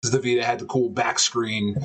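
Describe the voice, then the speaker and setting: A man co-hosting a casual podcast, animated and rambling, swearing often and filling pauses with ums. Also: medium pitch, a little hiss or hum. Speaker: podcast co-host. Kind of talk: casual chat.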